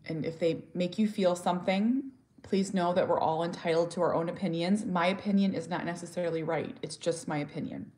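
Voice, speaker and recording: Earnest mother with a slightly low voice. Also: steady tone, fairly quick, darkish tone. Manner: earnest and heartfelt, with frequent restarts; talks openly and directly, sometimes blunt. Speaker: mother and author sharing her story. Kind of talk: candid personal vlog talk.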